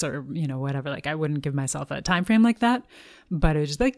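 A woman speaking as a podcast guest from her apartment, chatting in a measured, thoughtful way with frequent ums. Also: low voice, animated, no room sound, studio quality. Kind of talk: casual chat. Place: home apartment.

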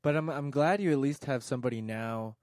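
A man's voice: mid-range voice, a little fast, darkish tone, no room sound, clean studio sound. A man chatting casually and teasingly, prompting an older relative with questions. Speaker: interviewer. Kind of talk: casual chat.

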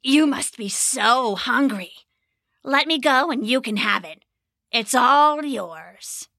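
A woman's voice: high-pitched, animated, slow, vocal fry, sharp tone, no echo, clean studio sound, heavily acted. A woman voicing a big, sly male goblin that taunts and wheedles in a storybook reading. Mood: wheedling.

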